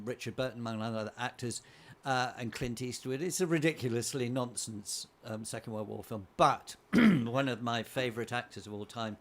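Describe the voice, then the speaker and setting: A man, a guest playwright, telling anecdotes on a chat show with animated delivery and frequent chuckles. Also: medium pitch. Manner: animated storyteller, chuckling often.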